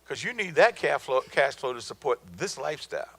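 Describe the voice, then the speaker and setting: A man's voice: on the high side, big pitch swings, fairly quick, creaky, a bit bright, rough recording. A middle-aged man giving a motivational talk on business to an audience, emphatic and colloquial, telling stories and hammering home his points. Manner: emphatic, colloquial, storytelling with repeated punchlines. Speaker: guest speaker on business.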